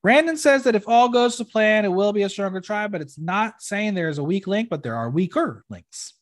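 A man hosting a casual podcast, recapping a reality show in an opinionated, expressive way and swearing freely. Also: high voice, brisk.

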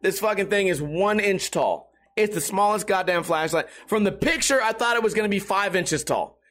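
A man with a high, light voice tells a loose, comic story on his podcast. He swears constantly and mocks himself as he rambles. He sounds a little tipsy. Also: moderate pace, fairly bright tone. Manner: profane, rambling, self-mocking. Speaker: podcast host. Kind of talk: casual comedic storytelling.

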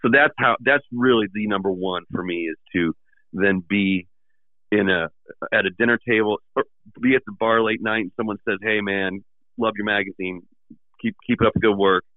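A lowish-voiced man tells stories at a fast clip, jumping up into the voices of the people he quotes. His voice comes through thin and tinny, like a phone line. The sound is dry, with no room around it. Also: no echo. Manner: animated storyteller, acting out quoted people. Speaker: magazine editor and podcast guest. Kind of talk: casual storytelling chat.

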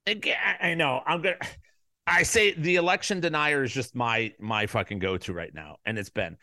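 A man hosting a podcast, ranting in a profane, heated monologue that jumps to loud peaks. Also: mid-range voice, normal speed, no room sound, clean studio sound. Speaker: podcast host.

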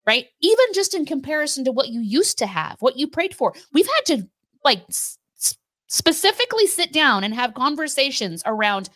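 A woman co-hosting a faith show, talking casually with her husband, animated and quick to laugh. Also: sits high, no room sound. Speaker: co-host of a faith teaching show.

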